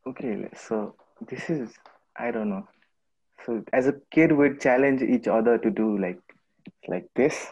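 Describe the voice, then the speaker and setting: A man chatting casually as a workshop participant on a video call, soft-spoken and unhurried. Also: mid-range voice, breathy edge, rough recording. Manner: soft-spoken, sings a slow song.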